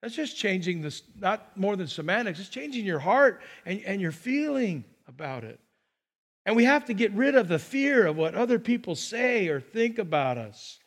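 An older man, a pastor, preaching a sermon in a church and telling stories in an animated way. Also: high voice, moderate pace. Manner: animated storytelling, acts out scenes.

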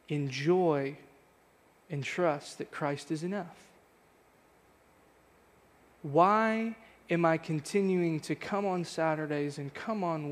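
A man's voice: a little high, big-room sound. A man in his thirties preaching a sermon as pastor, earnest and reflective, pressing on with repeated questions. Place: church sanctuary.

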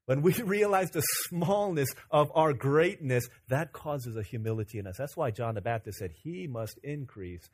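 A man preaching a sermon as pastor, telling stories in an animated, joking way. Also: mid-range voice, normal speed, few pauses.

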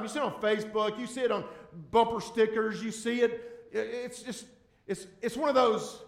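A high-pitched man preaches a sermon as pastor to a congregation in a church sanctuary. He is emphatic, swinging between loud bursts and hushed, drawn-out words, and repeats key words for emphasis. The recording has an echoey room sound.

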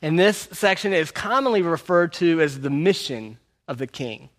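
A man's voice: on the high side, expressive, moderate pace, a bit bright. A man preaching a sermon in a conversational way, repeating his key phrases. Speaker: pastor. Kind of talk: sermon teaching through a book.

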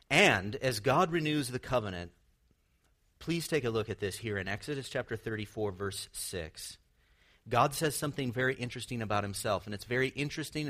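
Low-voiced man preaching a sermon. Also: a bit bright. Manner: earnest teaching with light laughs and rhetorical questions. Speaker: pastor.

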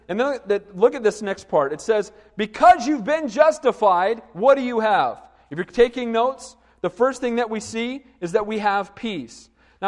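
A middle-aged man preaching a sermon, telling lively stories and asking the congregation questions. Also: very high-pitched, in a large hall. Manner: animated storytelling with asides to the congregation. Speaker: pastor.

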